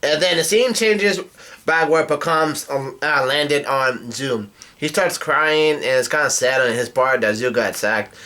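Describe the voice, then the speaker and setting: Man, rambling recap of a comic chapter, bright tone, mid pitch. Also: measured pace. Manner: rambling, with frequent fillers. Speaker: manga chapter reviewer. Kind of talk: casual retelling of a comic chapter.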